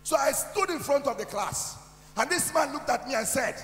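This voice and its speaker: A middle-aged Nigerian man giving a motivational testimony at a youth conference, in a preachy way that builds to shouting. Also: very high voice, animated, normal speed. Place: large hall. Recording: echoey hall with soft music.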